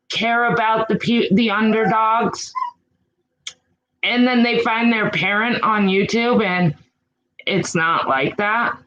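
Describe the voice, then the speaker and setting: Slow-talking exasperated woman vlogger. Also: fairly high pitch, fairly bright tone, lo-fi sound. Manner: frank, exasperated, mild swearing; slow and drawn out. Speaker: YouTube channel host. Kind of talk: casual chat to live chat viewers.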